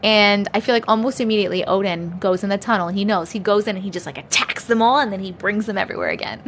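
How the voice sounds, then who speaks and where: A woman's voice: mid-range voice, fast talker, a bit bright, a little hiss or hum. A young adult woman hosting a casual livestream chat from home, chatty, laughing often and swearing freely. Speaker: livestream host.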